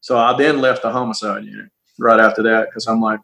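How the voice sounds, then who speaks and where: A middle-aged man, a police officer, telling a personal story in a halting, earnest way, often repeating words and starting over. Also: fairly low pitch, level tone, creaky, sharp tone, poor audio.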